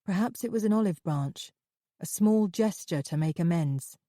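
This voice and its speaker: A woman narrating a thriller audiobook in the first person, with steady, measured storytelling. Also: fairly low pitch, dry recording, studio quality.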